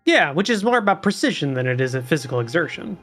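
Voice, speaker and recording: A man hosting a tabletop role-play session as its game master. His voice sits a little above the usual male pitch, and he talks in a relaxed way, circling back and restarting as he explains the setting. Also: fast, soft background music.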